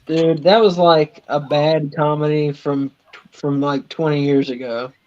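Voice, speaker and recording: A man's voice: a little high, steady tone, a little slow, a little mellow. A man co-hosting a wrestling watch-along podcast, chatting bluntly and swearing casually as he reacts. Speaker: podcast co-host. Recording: slightly dull lo-fi stream audio.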